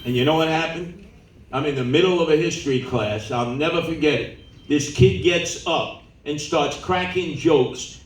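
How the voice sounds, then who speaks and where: A man in his 70s from New York City, a political candidate, tells animated stories at a campaign town hall and acts out the people he quotes. His voice runs on the high side and is picked up off-mic from a distance in a large, roomy indoor meeting room.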